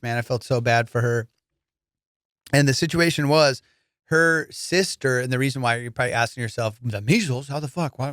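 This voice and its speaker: A man's voice: medium pitch, fairly bright tone, clear, resonant tone, no echo, clean studio sound. A man hosting a comedy podcast, telling casual stories in a loose, profane way, full of fillers and dude. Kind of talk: casual storytelling chat.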